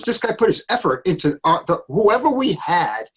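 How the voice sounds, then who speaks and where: A man on a dog trainers' panel, chatting casually and telling animated stories, acting out the people he quotes. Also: a little high, normal speed, breathy edge. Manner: animated storyteller, acts out quotes.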